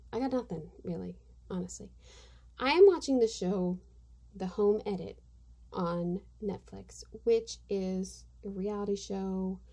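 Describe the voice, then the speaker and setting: This middle-aged woman hosts a podcast from a home room, where household noise can be heard. Her voice is mid-range and warm, and she chats casually in a rambling, self-deprecating way.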